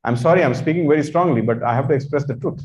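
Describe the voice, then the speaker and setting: A man's voice: on the high side, very fast, a little mellow. Emphatic Indian man lecturing in echoey hall. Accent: Indian English. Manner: emphatic, repeats phrases, chants in sanskrit. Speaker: course teacher. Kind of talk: religious lecture. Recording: echoey, dull lecture recording.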